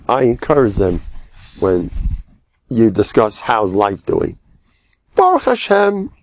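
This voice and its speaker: An older man, a rabbi giving a humorous Torah lecture, joking and self-deprecating, now and then bursting into loud, emphatic cries. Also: on the low side, vocal fry, breathy edge, no echo.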